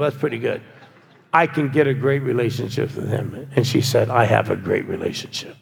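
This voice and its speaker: A man's voice: medium pitch, creaky, a little mellow, breathy edge. A man in his sixties preaching a humorous, teasing sermon to a congregation. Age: 60s. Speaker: guest preacher. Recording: long hall reverb.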